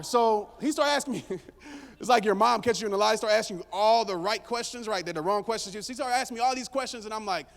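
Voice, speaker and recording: Man doing a motivational talk on stage, chatty and joking with the crowd, pretty high voice. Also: fast, vocal fry. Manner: casual storytelling, jokes with the crowd. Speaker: motivational speaker. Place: stage before a live audience. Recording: long hall reverb.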